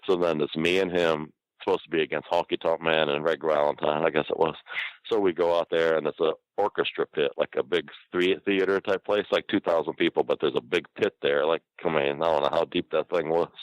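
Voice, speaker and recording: A man's voice: a bass voice, fairly even intonation, a little fast, dry recording, lo-fi sound. An older man telling profane, rambling stories in a casual interview, often laughing mid-sentence. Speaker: guest storyteller.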